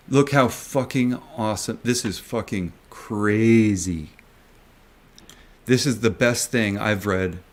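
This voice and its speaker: A man who invests in stocks, talking to his viewers in a video. He rants emphatically, repeats himself and swears often. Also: lowish voice. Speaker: retail stock investor vlogger. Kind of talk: ranting video commentary.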